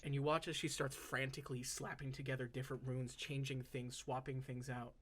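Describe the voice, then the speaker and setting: A game master slowly narrating a tabletop game, telling the scene dramatically with frequent restarts. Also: mid-range voice, level tone, fairly bright tone, slight background noise. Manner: slow, dramatic storytelling with restarts.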